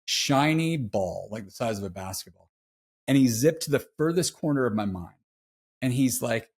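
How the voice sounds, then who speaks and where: Dude on a podcast telling his story, super casual, keeps restarting, normal pitch. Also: lively intonation, normal speed, darkish tone, breathy edge. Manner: casual, says "dude" often, frequent restarts. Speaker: podcast guest. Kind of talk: candid storytelling.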